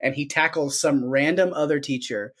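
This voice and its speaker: A man co-hosting a podcast in casual chat, recapping a film with lots of laughter and animated retelling. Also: on the high side, normal speed. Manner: animated, laughs often, acts out quotes. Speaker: podcast co-host.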